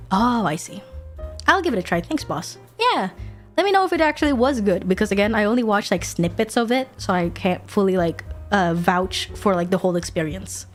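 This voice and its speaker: A woman streamer chatting casually while she draws, animated, swearing freely and laughing often. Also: mid-range voice, fairly quick, faint music behind. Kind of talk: casual chat while drawing.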